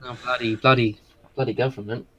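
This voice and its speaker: A man's voice: mid-range voice, steady tone, pushed and bright, breathy edge. A man co-hosting a game livestream who jokes drily and restarts his sentences often. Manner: dry joking, halting restarts. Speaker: co-host and advisor. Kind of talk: casual livestream chat.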